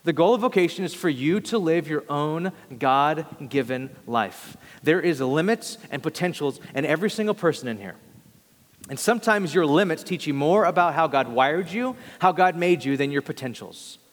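A young pastor gives a sermon, earnest and conversational, occasionally stumbling and restarting a phrase. His somewhat high voice is animated and moderately paced, with a long reverb suggesting a big hall.

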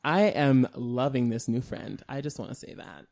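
A man's voice: mid-range voice, normal speed, vocal fry, a little mellow. A man guesting on a podcast, talking in a flamboyant, campy, giggly way in casual chat.

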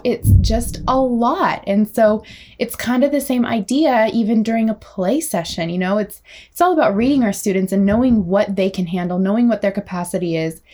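An energetic young woman talks through speech-therapy tips in a lively teaching voice. Now and then she slows down and exaggerates words the way she would with a small child. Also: medium pitch. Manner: energetic, animated, demonstrates child-directed speech. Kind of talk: teaching talk.

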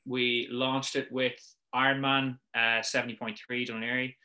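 A man's voice: medium pitch, little pitch movement, normal speed, pushed and bright. A young adult Irish man, a business founder, chatting as a guest in a casual rambling way with many fillers. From Ireland. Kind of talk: casual chat, storytelling.

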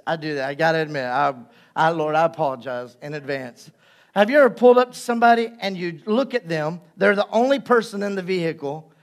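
A man's voice: sits high, a bit bright. A male pastor delivering a conversational sermon, acting out little scenes and jokes to make his point. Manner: conversational preaching with playful acted-out asides.

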